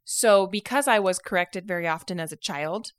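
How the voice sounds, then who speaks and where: A woman's voice: lowish voice, moderate pace, clear, resonant tone. A woman with a Utah accent co-hosting a podcast, telling stories in casual chat and laughing often. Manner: chatty storyteller, laughs often. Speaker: podcast co-host.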